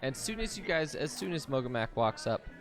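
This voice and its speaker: A man narrating as game master of a tabletop role-playing session, casual and halting. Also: medium pitch, very animated, music in the background.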